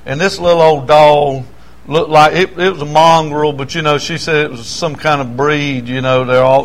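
An older preacher with a fairly high voice, telling homespun stories from the pulpit. He stumbles and restarts his phrases often, and his cadence is loose and folksy. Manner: folksy storytelling, stammering restarts. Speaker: pastor. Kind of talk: sermon.

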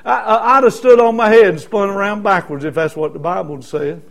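A middle-aged man preaches his own testimony in a folksy, storytelling way. His voice sits high for a man, and he swings from hushed, quiet passages up to loud, shouted bursts. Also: steady tone, brisk, vocal fry. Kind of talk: sermon testimony.

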